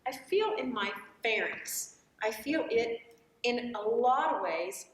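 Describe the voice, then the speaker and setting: Lively, slow-talking woman voice teacher. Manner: demonstrates sung vowels across registers; lively, swooping pitch when explaining. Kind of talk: vocal lesson. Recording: roomy echo, voice from far off.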